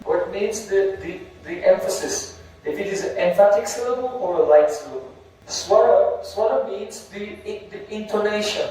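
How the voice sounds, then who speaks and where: A man's voice: high-pitched, moderate pace, warm tone, a little hiss or hum. A man giving a sermon, explaining Sanskrit verses word by word and chanting syllables. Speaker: spiritual teacher. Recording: very echoey hall, heard from a distance.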